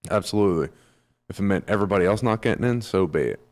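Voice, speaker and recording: A man's voice: deep voice, very fast, a little mellow. A man co-hosting a soccer talk show, talking bluntly with short emphatic retorts. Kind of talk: casual sports chat. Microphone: headphones in a studio.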